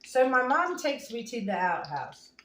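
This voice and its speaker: Woman host of a home cooking show, folksy and rambling, somewhat high voice, recorded from a distance. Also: very animated, measured pace, fairly bright tone, slight background noise. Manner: folksy, rambling, homespun phrasing. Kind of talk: casual storytelling while cooking. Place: home kitchen. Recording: echoey room, mic at a distance.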